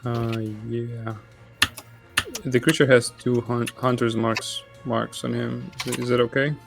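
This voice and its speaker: A man playing a tabletop game, asking rules questions in an unhurried way with lots of filler. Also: mid-range voice, level tone, gravelly, soft background music. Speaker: player. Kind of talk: casual tabletop game play.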